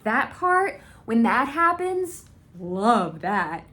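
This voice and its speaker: Gushing young woman ranting slowly. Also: fairly high pitch. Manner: gushing, excitable, swears freely. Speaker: video creator. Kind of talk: casual fan rant.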